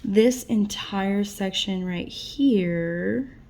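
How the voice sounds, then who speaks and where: Slow, patient woman teaching a lesson. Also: medium pitch, darkish tone. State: tired, yawning late at night. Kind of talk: recorded lesson walking through notes.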